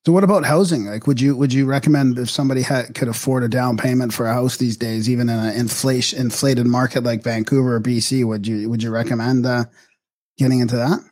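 A man's voice: medium pitch, steady tone, quick pace, a little mellow. A man hosting a podcast and asking his guest questions in an easygoing, casual way. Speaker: podcast host. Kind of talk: casual interview chat.

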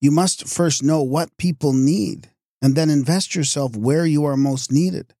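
A man's voice: a little high, unhurried, dark tone, no room sound, clean studio sound. A man giving an oratorical lecture, telling scornful anecdotes with acted-out voices. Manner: sardonic, declamatory, scornful asides.

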